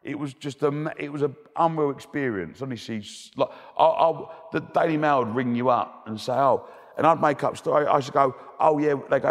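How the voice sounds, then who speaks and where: A man's voice: medium pitch, a little fast. A man as a guest speaker, telling stories in a chatty, plain-spoken way and laughing often. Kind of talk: storytelling. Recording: long hall reverb.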